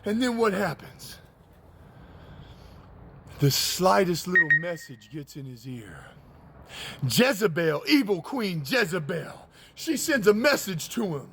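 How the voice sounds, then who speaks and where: A man delivers a casual, slang-filled sermon in a high, gravelly voice. His pitch swings widely as he retells the story, and he breaks into shouts to drive his points home. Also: takes it slowly, long pauses, slight background noise. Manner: slangy, animated, shouts for emphasis. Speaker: preacher. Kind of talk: casual street-style sermon.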